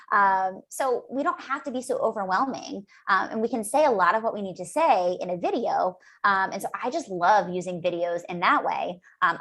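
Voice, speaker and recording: A woman guest on a podcast, talking in a chatty, enthusiastic way with lots of fillers and acted-out asides. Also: medium pitch. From United States. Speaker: guest speech-language pathologist. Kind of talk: casual podcast interview.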